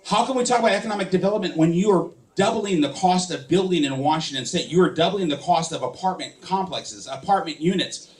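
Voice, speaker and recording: A man's voice: sits high, quick pace, few pauses, darkish tone. Fired-up man giving a campaign speech. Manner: impassioned, fires rhetorical questions at the audience. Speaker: political candidate.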